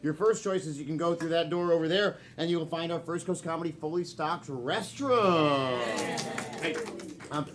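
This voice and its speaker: High-voiced male improv host. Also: moderate pace. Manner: upbeat, addresses the audience. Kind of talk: live improv hosting. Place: comedy theater stage with audience. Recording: live room with audience crowd noise.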